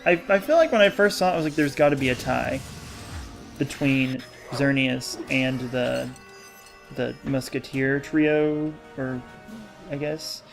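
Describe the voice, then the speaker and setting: A man's voice: medium pitch, measured pace, creaky, soft background music. A young man hosting a gaming channel, rambling in casual commentary over gameplay and often losing his train of thought.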